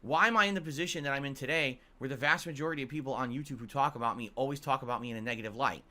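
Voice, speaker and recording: Forceful ranting man, bright voice. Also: mid-range voice, very fast. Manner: blunt and profane, keeps asking "right?". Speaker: YouTuber and streamer. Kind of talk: ranting monologue to viewers.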